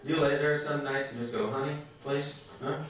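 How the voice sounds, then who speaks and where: A man's voice: medium pitch, fairly even intonation, fairly quick, dull audio. Man doing stand-up in an echoey club. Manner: teasing, talks to the crowd. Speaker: stand-up comedian. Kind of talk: stand-up comedy set. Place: comedy club. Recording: echoey club from far off, loud room noise. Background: audience laughter.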